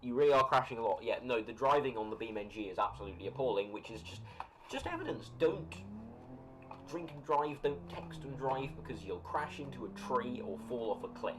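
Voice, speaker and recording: Chatty British man with a lively voice. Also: mid-range voice. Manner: rambling, chatty, reads and answers chat comments, quick to laugh. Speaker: live streamer. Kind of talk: casual live-stream chat while gaming. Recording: noisy home recording.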